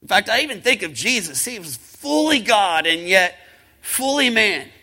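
A male pastor preaching a sermon, rhythmic and impassioned, with fast runs, slow drawn-out emphasis and calls to the congregation. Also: high voice, big pitch swings, pushed and bright, slightly rough, poor audio. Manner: swings from quick talk to slow, drawn-out emphasis.

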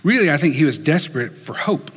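Earnest guy preaching, bit high voiced, long echo in the room. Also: very animated, husky. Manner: earnest, dropping soft and slow for emphasis. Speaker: pastor. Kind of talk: sermon.

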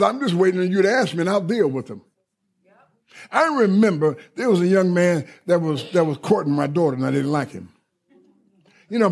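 Middle-aged male preacher, husky and raspy, emphatic sermon delivery. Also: high voice. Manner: emphatic and repetitive, often checking listeners are following.

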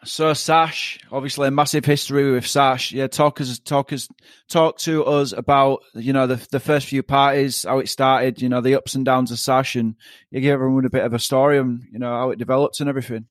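A man hosting a podcast, friendly and relaxed, often restarting his questions. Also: mid-range voice, fairly quick, dry recording, studio quality. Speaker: podcast host. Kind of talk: casual interview.

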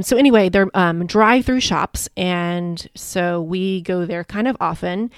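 A woman's voice: mid-range voice, no echo, studio quality. A woman hosting her own podcast as a life coach, telling stories in a chatty, upbeat way. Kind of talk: casual solo podcast monologue.

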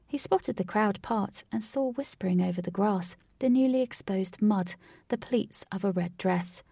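A woman narrating a storybook in a steady, expressive reading voice. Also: mid-range voice, normal speed, gravelly, slightly rough, dry recording, studio quality. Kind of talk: storybook read-aloud narration.

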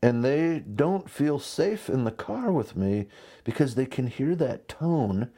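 A man in his thirties preaching a conversational sermon, telling stories with lively asides. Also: medium pitch, slow, breathy edge. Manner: conversational, animated storytelling with asides. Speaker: pastor.

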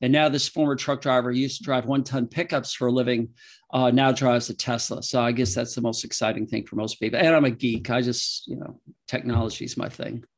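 A man's voice: medium pitch, fairly even intonation, a little fast. A man, a veterinarian and author, answering interview questions casually with rambling, emotional anecdotes and frequent laughter.

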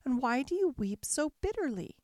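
A woman reading a storybook aloud, voicing a kindly, brisk little old fairy godmother who gives orders gently. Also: sits high, big pitch swings, no echo, studio quality, pitched above the performer's own voice. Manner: gently commanding, quick to impatience.

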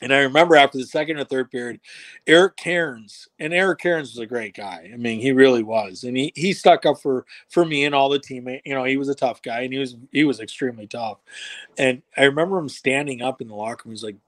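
A man's voice: mid-range voice, a little fast, fairly bright tone. A man telling a long, rambling story on a podcast in a casual way, acting out other people's lines with plenty of restarts and swearing. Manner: acts out quoted dialogue. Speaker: podcast guest.

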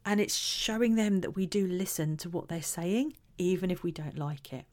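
A woman giving earnest parenting advice, acting out example phrases in a gentle way. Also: lowish voice, moderate pace. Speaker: parenting educator. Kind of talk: talking-head advice talk.

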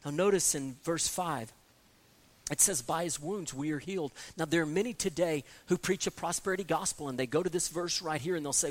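A man's voice: fairly high pitch, a little fast. A man preaching an expository sermon, earnest, often repeating words as he restarts and rising to emphatic peaks. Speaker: pastor.

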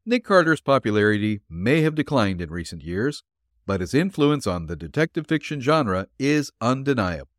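A man narrating an old detective story aloud in a measured, expressive way. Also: medium pitch, dry recording, clean studio sound. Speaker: narrator and reader. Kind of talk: audiobook narration.

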